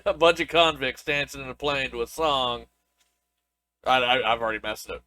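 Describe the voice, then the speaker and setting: A man's voice: mid-range voice, moderate pace, bright, forceful tone, a little hiss or hum. A young man co-hosting a podcast, chatting loosely, laughing and often restarting his sentences. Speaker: podcast co-host. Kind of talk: casual chat.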